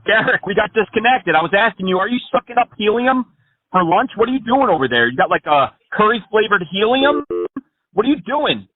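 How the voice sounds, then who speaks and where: A man placing a prank call, his voice set a little high for a man. He rambles through absurd schemes in a mocking tone. The audio comes through a thin, phone-like band. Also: very animated, fairly quick, dry recording. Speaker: scam-baiting prank caller.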